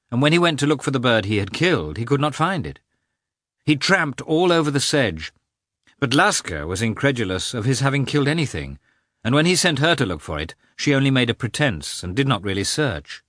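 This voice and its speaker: A man reading a novel aloud as an audiobook narrator, with expressive, shifting inflection. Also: normal speed, no echo, studio quality. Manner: reads with lively, expressive inflection, lifting pitch for characters' shouts. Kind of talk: scripted narration.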